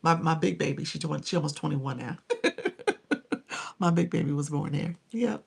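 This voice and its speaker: A woman's voice: low voice, a little slow, creaky, slightly rough. A woman in her forties coaching viewers on a live stream, emphatic and chatty, thanking people by name and laughing often.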